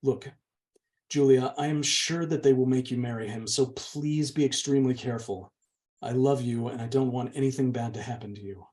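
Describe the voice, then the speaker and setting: A man reading aloud, voicing a meek and gentle young woman who pleads softly with her older sister. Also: mid-range voice, fairly even intonation, moderate pace, natural voice. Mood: tender. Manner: soft, pleading. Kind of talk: audiobook reading.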